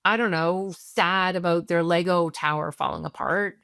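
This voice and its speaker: A woman's voice: on the low side, fairly even intonation, normal speed, creaky, fairly bright tone, no echo. Woman parenting expert on a podcast, explains by walking through scenarios, keeps saying right?, dry close mic. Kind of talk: podcast interview.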